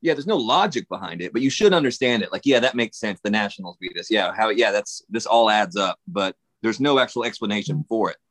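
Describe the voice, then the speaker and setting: A man's voice: lowish voice, animated, fairly quick, hardly any pauses, fairly bright tone. A man co-hosting a podcast in casual chat, ranting with swearing and laughter. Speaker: podcast co-host.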